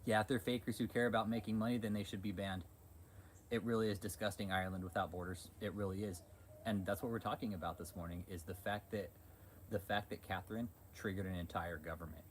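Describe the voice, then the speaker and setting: A man's voice: fairly low pitch, fairly even intonation, fast talker, slight background noise. A man hosting a livestream, ranting in a heated, profane, repetitive way. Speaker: channel host.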